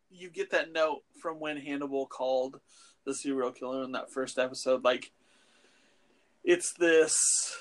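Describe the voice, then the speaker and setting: A man's voice: fairly high pitch, a bit bright. A man co-hosting a casual podcast chat about films and TV, rambling and profane with lots of fillers. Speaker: podcast co-host.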